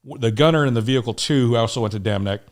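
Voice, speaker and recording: Racing along in a medium-pitched voice, a middle-aged American guest on a podcast interview recounts a war story. He's animated and profane, acting out quotes from the people involved.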